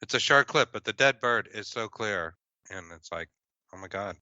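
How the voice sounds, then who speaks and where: A man's voice: on the low side, expressive, moderate pace, very noisy. A man hosting a casual interview, laid-back and slangy. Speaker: host. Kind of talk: casual chat. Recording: dull, dry lo-fi sound.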